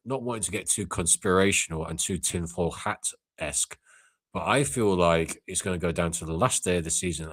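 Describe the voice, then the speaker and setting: A young man hosts a casual call-in chat in a low, deep voice. He talks bluntly and swears freely, with rants that break into loud outbursts. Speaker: live call-in show host.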